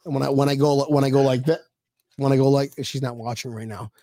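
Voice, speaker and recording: A man's voice: mid-range voice, fairly even intonation, fast talker, warm tone, no echo, studio quality. A man in his thirties co-hosting a casual show, joking, laughing and swearing freely. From Florida. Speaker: podcast co-host. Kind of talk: casual chat.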